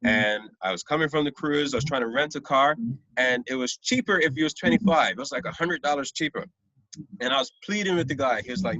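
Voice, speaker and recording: A man's voice: medium pitch, fast, pushed and bright, dry recording. A young man teaching a math lesson online, often checking that his students follow. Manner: patient, checks understanding often. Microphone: computer mic on a video call. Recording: dull, lo-fi video call audio.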